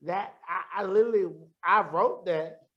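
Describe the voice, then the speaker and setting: A man's voice: high-pitched, moderate pace, lo-fi sound. A man as a musician guest on a podcast, talking candidly and reflectively in a casual interview, often restarting his sentences.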